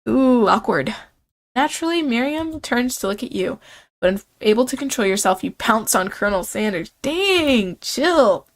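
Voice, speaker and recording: A young woman streamer giving playful, excitable casual commentary while playing a dating game. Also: a little high, moderate pace.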